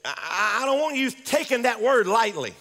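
High, lively fervent male preacher. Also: normal speed, long reverb tail. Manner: fervent, repetitive, call-and-response. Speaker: pastor. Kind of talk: sermon.

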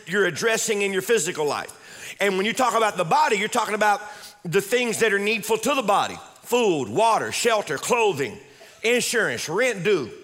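A man's voice: high voice, fairly bright tone. A male pastor preaching a sermon with emphatic delivery, repeating key words and calling on the congregation to respond.

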